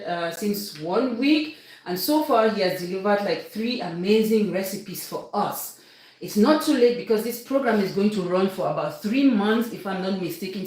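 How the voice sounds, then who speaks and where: A woman's voice: mid-range voice, heavy reverb. A woman hosting a casual cooking live stream, chatting to viewers, repeating names and asking them to share links. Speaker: cooking channel host.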